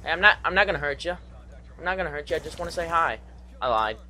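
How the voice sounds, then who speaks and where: A young man giving live gameplay commentary, excitable and goofy, trash-talking with singsong asides. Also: fairly high pitch, quick pace, slight background noise. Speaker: gaming commentator.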